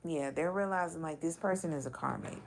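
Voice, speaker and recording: A woman's voice: low voice, fairly quick, vocal fry, a little hiss or hum. A woman giving a casual intuitive reading, talking loosely and bluntly with swearing and many filler words. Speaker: spiritual card reader.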